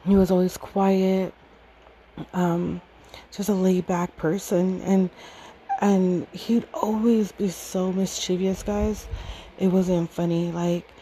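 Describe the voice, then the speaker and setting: A woman's voice: fairly low pitch, flat delivery, slow pace, warm tone, slight background noise, poor audio. Woman in her thirties, fond rambling storyteller. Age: 30s. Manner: rambling, fond, laughs often, many fillers. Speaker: podcast storyteller. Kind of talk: casual personal storytelling.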